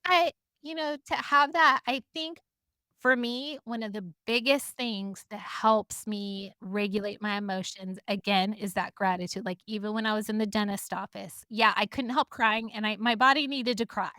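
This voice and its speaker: A woman's voice: mid-range voice, fairly even intonation, normal speed, bright, forceful tone, smooth, no echo, clean studio sound. A woman co-hosting a podcast, telling stories in casual chat and laughing often. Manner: chatty storyteller, laughs often. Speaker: podcast co-host.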